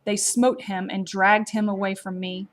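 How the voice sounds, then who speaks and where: A woman narrating a story aloud in a slow, measured, gently expressive storybook reading. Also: medium pitch.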